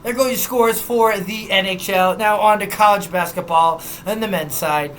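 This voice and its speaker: A man's voice: high voice, moderate pace, fairly bright tone, a little hiss or hum. A young man hosting a sports podcast, running through scores and news in a loose, chatty way with some swearing. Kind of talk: casual sports news rundown.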